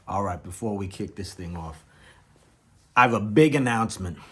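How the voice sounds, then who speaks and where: A young adult man hosting a comedy channel, rambling in a sarcastic, mock-enthusiastic deadpan sketch. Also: fairly low pitch, normal speed, slightly rough.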